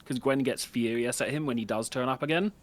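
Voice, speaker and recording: A man's voice: mid-range voice, brisk. A man in a casual book club chat, giving offhand opinions with swearing.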